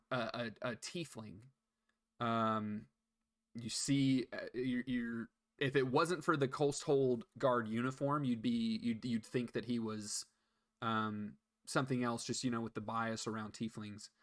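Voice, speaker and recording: A man narrating a tabletop game as game master, halting and filling with ums. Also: mid-range voice, fairly bright tone. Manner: halting, many fillers.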